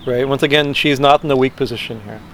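Halting man teaching scripture. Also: mid-range voice, vocal fry, fairly bright tone, a little hiss or hum. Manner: halting, many fillers and tag questions. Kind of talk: scripture class lecture.

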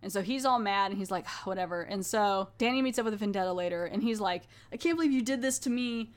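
A woman hosting a podcast, casually recapping a TV episode in a chatty, animated way, acting out quoted lines. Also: medium pitch, fast talker. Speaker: podcast host reviewing a TV episode.

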